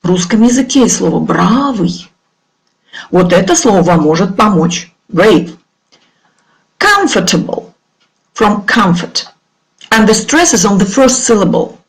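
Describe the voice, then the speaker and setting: A woman's voice: medium pitch, lively intonation, creaky, poor audio. A woman teacher from Russia with a Russian accent, leading an online English vocabulary lesson and moving between English and Russian as she glosses word pairs. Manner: slow, careful dictation-like delivery of word pairs.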